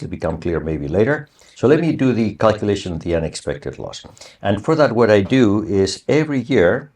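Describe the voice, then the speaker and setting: Deep-voiced man giving a university lecture. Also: darkish tone. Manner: conversational, asks the class for confirmation. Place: online or recorded lecture.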